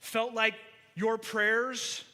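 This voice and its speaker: A high, bright-toned man delivering a sermon from the front of a church hall. He preaches earnestly, often repeating a word as he drives a point home. His voice rings with a long hall reverb around it. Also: little pitch movement, extremely slow. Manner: earnest, preacherly, repeats words when emphasizing. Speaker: pastor.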